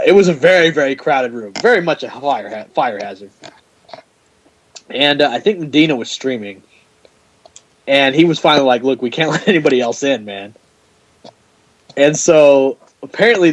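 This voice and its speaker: Laughing, animated man telling stories. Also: mid-range voice, low-quality recording. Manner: animated storyteller, acts out quotes, laughs often. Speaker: podcast host. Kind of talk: casual chat.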